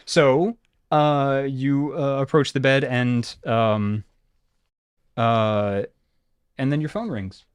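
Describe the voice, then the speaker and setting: A man's voice: medium pitch, fairly even intonation, slow pace, pauses often, clear, resonant tone, no room sound. A man running a tabletop role-playing game as storyteller, telling the scene in a loose, rambling way full of fillers. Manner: loose, filler-heavy storytelling with sudden shouted character bits.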